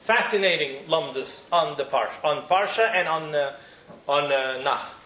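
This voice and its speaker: A man teaching a religious study class, telling the story in an animated way and often restarting his sentences. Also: fairly high pitch, a little slow, reverberant, slight background noise, rough recording.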